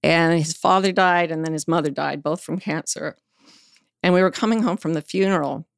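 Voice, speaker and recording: A woman's voice: deep voice, moderate pace, gravelly, no room sound, clean studio sound. A middle-aged woman, a podcast guest, telling vivid personal stories in a frank, blunt way. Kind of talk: storytelling in casual conversation.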